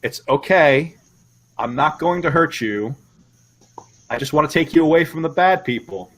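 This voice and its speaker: Soft-spoken kind wizard guy, calm and reassuring, a player doing his character. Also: on the high side, moderate pace, pitched above the performer's own voice, low-quality recording. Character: gentle male wizard soothing a frightened girl.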